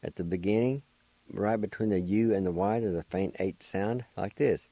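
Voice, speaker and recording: A man's voice: fairly low pitch, moderate pace, dark tone, no echo. An older man with a Cherokee accent, hosting a radio language lesson and patiently spelling out words letter by letter. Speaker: language teacher and radio host.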